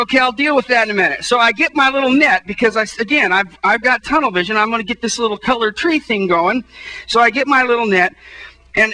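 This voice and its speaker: A pastor tells a comic story from the pulpit in a strikingly high, very bright and sharp man's voice. He acts out his own frustration, and his voice leaps even higher at those moments. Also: poor audio. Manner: animated storytelling, voice jumping up when exasperated. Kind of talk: humorous sermon story.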